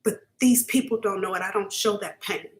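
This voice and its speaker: A woman's voice: mid-range voice, brisk. A woman giving a live-streamed psychic reading to her viewers. She talks casually and emphatically, keeps checking in with "okay?", and is earnest and openly emotional. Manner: emotional, earnest, at times near tears. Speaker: psychic reader.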